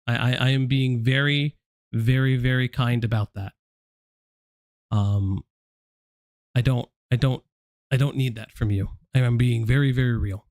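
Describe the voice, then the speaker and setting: A man's voice: medium pitch, steady tone, measured pace, long pauses, a little mellow, no echo. A man hosting a livestream, speaking directly to someone in a confrontational, repetitive way. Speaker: stream host. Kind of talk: livestream commentary.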